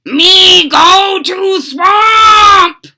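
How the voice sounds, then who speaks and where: A woman's voice: extremely high pitch, drawn-out words, sharp tone, shouting, voice pushed up, heavily acted. A woman voicing a big, stubborn, simple-minded male frog creature who bellows in broken speech. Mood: bellowing.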